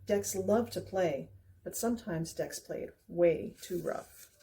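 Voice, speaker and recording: A woman reading a children's picture book aloud with expressive, gentle storytelling. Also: fairly low pitch, slow pace, background noise.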